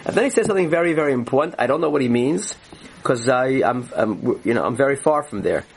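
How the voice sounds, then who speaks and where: A man's voice: mid-range voice, lively intonation, quick pace, breathy edge, low-quality recording. A man teaching a Torah class, earnestly explaining ideas and often restarting his phrases.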